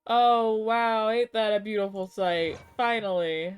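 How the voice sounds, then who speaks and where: A woman's voice: mid-range voice, unhurried, clear, resonant tone, faint music behind. A young woman streaming a game live, reacting with emotional exclamations and reading game text aloud. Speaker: VTuber streamer.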